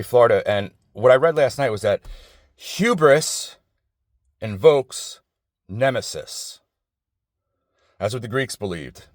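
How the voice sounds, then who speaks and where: A middle-aged man rambles through a personal monologue outdoors, circling back on himself and swearing freely. His voice sits low, and the sound is dry, with little echo around it. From New Jersey. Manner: rambling, digressive and profane, with many restarts. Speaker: vlogger. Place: outdoors outside an office building.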